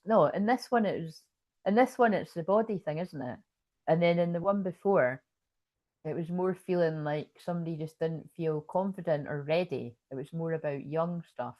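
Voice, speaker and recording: A woman's voice: on the low side, a little mellow, dry recording. A woman reading tarot in casual talk, rambling, swearing and laughing as she tells a story. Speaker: tarot reader.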